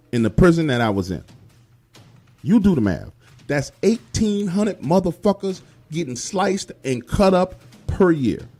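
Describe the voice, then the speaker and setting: A male storyteller recounts a creepy night in a loose, profane, emphatic way. His pitch swings animatedly from line to line. Soft music plays underneath. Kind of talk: first-person horror storytelling.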